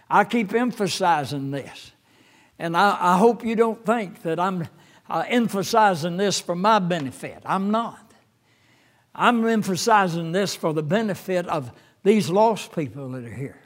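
An older man preaching a sermon as a pastor, halting with fillers, then rising fervently when he quotes scripture. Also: high voice.

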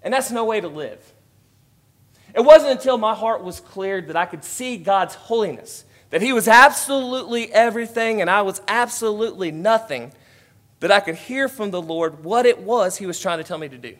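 A high-pitched male preacher delivering a sermon. He builds to forceful, emphatic declarations, then falls back to quiet, conversational asides. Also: expressive, normal speed.

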